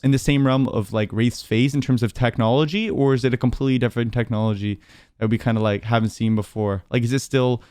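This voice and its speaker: A man interviewing guests over a video call. His voice is smooth and resonant, and it sounds dry and close. He talks in a loose, chatty way, full of fillers and quick laughs. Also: mid-range voice, steady tone, darkish tone, no echo. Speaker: interviewer and streamer host.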